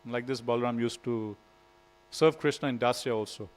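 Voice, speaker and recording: A man's voice: medium pitch, moderate pace, rough recording. A man giving a devotional scripture class in a temple, telling stories in a casual way with frequent "you know". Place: temple hall.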